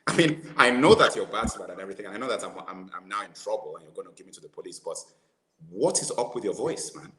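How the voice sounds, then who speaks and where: A podcast co-host with a lowish voice talks casually about films, animated and quick to laugh at his own jokes. He often restarts sentences mid-thought. The roomy, echoey space carries some background noise.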